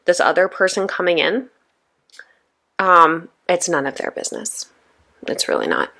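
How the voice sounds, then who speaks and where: A woman's voice: low-pitched, big pitch swings, normal speed, gravelly, bright, forceful tone. A woman in her thirties hosting a podcast, talking casually and conversationally with lots of asides to her listeners. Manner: chatty, conversational, frequent "right?" and "you know". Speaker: podcast host.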